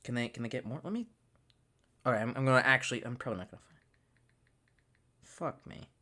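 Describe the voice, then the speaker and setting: A man's voice: mid-range voice, very fast, bright, forceful tone. A man hosting a casual livestream, reading viewer comments and rambling with lots of swearing and restarts. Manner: rambling, profane, self-interrupting. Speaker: livestream host.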